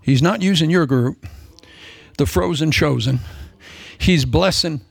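A man preaching a lively sermon, playful and joking, slipping into voices for asides. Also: a little high, unhurried, creaky, breathy edge, no echo.

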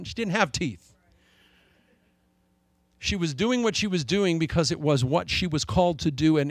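A middle-aged man preaching a sermon as pastor, animated, swinging widely in pitch and volume as he acts out the people in his story. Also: no echo.

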